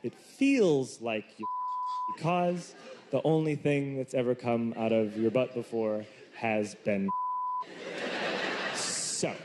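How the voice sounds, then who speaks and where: A man doing stand-up comedy, telling a self-mocking story with animated outbursts. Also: medium pitch, takes it slowly, pauses often. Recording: noisy live recording with room ambience.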